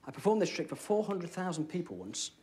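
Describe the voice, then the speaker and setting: A young British man performing comedy magic, chatting with a volunteer and dropping deadpan one-liners. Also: a little high, fairly quick. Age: young adult. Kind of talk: comic magic patter. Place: TV studio with live audience. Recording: studio audience noise behind.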